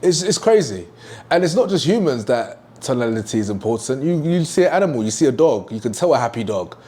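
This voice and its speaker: A man's voice: mid-range voice, very animated, a little fast, a little mellow. A young man teaching a sales lesson at a whiteboard, emphatic and repeating his key points. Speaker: sales trainer.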